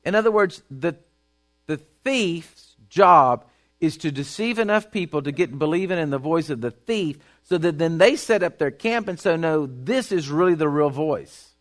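A man's voice: fairly high pitch, animated, moderate pace. A man preaching a sermon in an emphatic, folksy way, repeating his points and reading Bible verses aloud.

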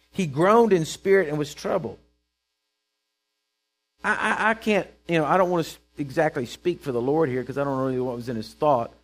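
Conversational preacher with a lilt. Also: male voice, fairly high pitch. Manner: conversational, checks in with the congregation; acts out Bible characters in quoted voices. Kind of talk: sermon.

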